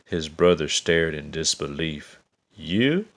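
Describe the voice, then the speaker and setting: Slow, deep, gravelly male storyteller. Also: fairly even intonation. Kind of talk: scripted children's story narration.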